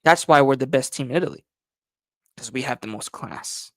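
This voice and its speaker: A man's voice: medium pitch, normal speed, fairly bright tone, no echo, clean studio sound. A man hosting a casual livestream chat, rambling and slangy, full of "you know" and "bro". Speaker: fan channel host.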